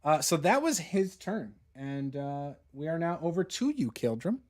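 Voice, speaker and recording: Male game master, slightly high, very expressive delivery. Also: normal speed. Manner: animated, rules-explaining. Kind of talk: narrating a tabletop game.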